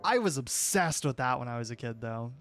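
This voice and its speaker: A man's voice: mid-range voice, expressive, a little fast, a bit bright, faint music behind. A young man streaming and chatting casually with his viewers, opinionated and rambling, often restarting his sentences.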